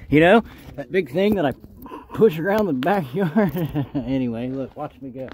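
A folksy, joking man talks to his viewers while working outdoors, a little out of breath. His voice sits fairly high and swings up and down a lot. The phone recording has clear background noise. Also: big pitch swings, normal speed, a little mellow. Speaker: scrap-hunting vlogger. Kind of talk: casual vlog chat. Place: outdoors, backyard and curbside. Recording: noisy outdoor phone audio.

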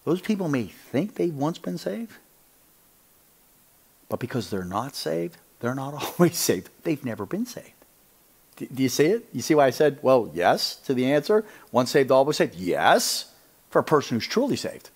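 A man teaching on scripture in an animated preaching style. He talks emphatically, often asks his listeners whether they see his point, and drops to a hushed voice to stress a line. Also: medium pitch, moderate pace, slightly rough. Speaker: Bible teacher.

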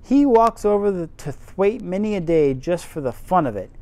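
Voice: mid-range voice, lively intonation, moderate pace, dark tone, no echo, voice pushed up, natural voice. Tipsy reader doing a chatty Yorkshire housemaid. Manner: broad dialect, chatty and homely. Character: cheerful young Yorkshire housemaid woman.

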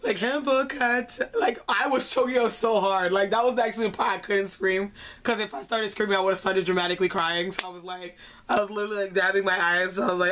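A young woman in her twenties excitedly recapping a concert in casual vlog chat, slangy and laughing often. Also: medium pitch, fast. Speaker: vlogger.

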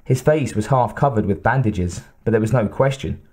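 A man narrating an audiobook in a measured, steady reading. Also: fairly low pitch, husky. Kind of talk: scripted narration.

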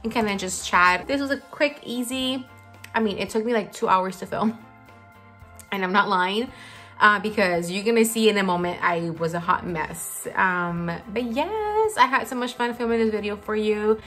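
A woman beauty vlogger talks her way through a get-ready-with-me session, rambling and filling pauses as she goes. Her morning voice sits lower than usual, in a middling pitch for a woman, with faint music under her. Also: a bit bright. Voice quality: low morning voice. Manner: chatty, rambling, lots of fillers. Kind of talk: casual get-ready-with-me chat. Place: home, seated at a filming setup.

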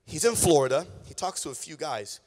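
A man preaching a sermon as pastor in a church, telling a story with swings from hushed tones to shouting. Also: fairly high pitch, animated, a little fast. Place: church sanctuary. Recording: long reverb of a large hall.

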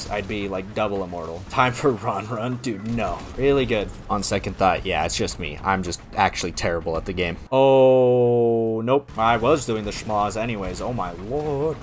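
A man giving live commentary on his own gameplay, excitable and sarcastic, often swearing, muttering and cursing at his bad luck. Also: mid-range voice, a little hiss or hum. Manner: self-deprecating, sarcastic. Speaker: gaming content creator.

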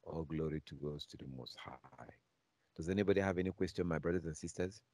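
A man teaching a bible class, emphatic and repetitive, reading scripture aloud slowly and repeating key phrases again and again. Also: very deep voice, a little mellow, dry recording.

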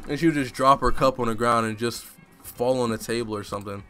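A man's voice: medium pitch, fast talker, sharp tone, faint music behind. A man commentating a live game stream, joking and self-mocking in casual street slang. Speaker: gaming streamer.

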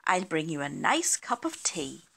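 Brief: a woman playing a kindly picture-book mama bear, lilting and bright. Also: deep voice, very animated, measured pace, vocal fry, exaggerated voice. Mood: cheery. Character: cheerful, kindly mother bear.

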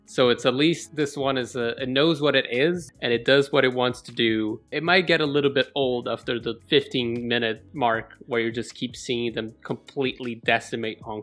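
A young man hosting a casual chat about a film. He has a middle-pitched voice and plays his jokes dry and mock-serious. Faint music sits under him. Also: a bit bright. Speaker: host. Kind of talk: casual movie discussion.

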